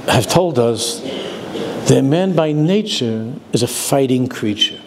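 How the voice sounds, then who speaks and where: A man's voice: medium pitch, lively intonation, slow, background noise. An older man, a rabbi giving a sermon, telling stories and dropping Yiddish and Hebrew words into his talk.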